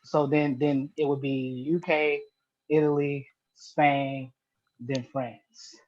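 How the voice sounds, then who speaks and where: A man on a panel chat who cites statistics in halting starts and restarts. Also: on the high side, steady tone, a little mellow. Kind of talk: casual group chat. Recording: dull lo-fi call audio.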